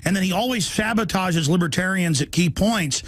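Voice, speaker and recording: A male talk-radio host who talks in quick bursts, then stretches his words out slowly and stumbles over restarts. His voice sits a little high for a man. The sound is dry and close-miked. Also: no room sound. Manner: rapid bursts that slow into drawn-out phrases, halting restarts. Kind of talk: radio talk show discussion.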